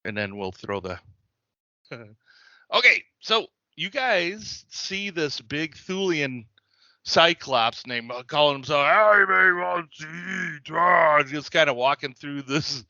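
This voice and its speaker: Rambling bright-voiced male game master. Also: a little high, sing-song, takes it slowly, no echo. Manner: rambling, with fillers and laughs. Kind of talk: narrating a tabletop game. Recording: dull lo-fi dry recording.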